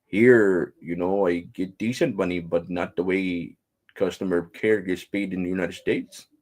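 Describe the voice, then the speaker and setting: A man's voice: low voice, fairly even intonation, measured pace, a little mellow. A man voicing a polite male call-center agent with an imitated Indian English accent, formal and apologetic, saying "sir" often.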